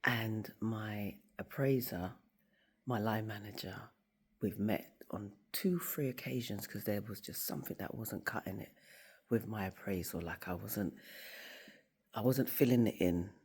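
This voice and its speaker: A woman's voice: a bass voice, a little slow, breathy edge. A woman in her office, telling a story in a casual motivational talk to camera and acting out the voices of the people in it. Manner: animated storytelling, acts out quoted voices. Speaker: school staff member and faith vlogger.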